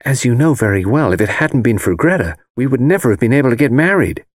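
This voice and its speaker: A man's voice: mid-range voice, sing-song, quick pace, dry recording, clean studio sound. A man voicing an anxious newly married young woman in an audiobook, earnest and full of questions. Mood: earnest, worried.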